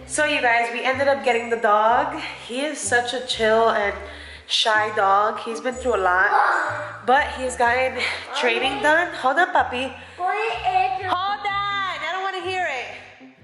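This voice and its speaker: A woman's voice: on the high side, measured pace, sharp tone, faint music behind, poor audio. Chatty woman vlogger cooing at dogs. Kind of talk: casual home vlog. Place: home, indoors and out in the yard. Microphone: handheld camera.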